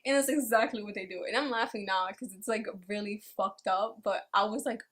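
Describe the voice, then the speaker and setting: Her mid-range voice moves a little fast as she casually summarizes an anime episode. The reviewer swears liberally and acts out lines along the way, telling the story with profane, animated energy.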